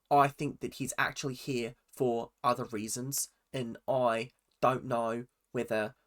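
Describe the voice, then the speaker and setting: A man voicing a suspicious, overprotective Australian man from a reality show, in a put-on Australian accent with a low, muttering delivery. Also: close to an everyday voice. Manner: mocking impression, repeats himself.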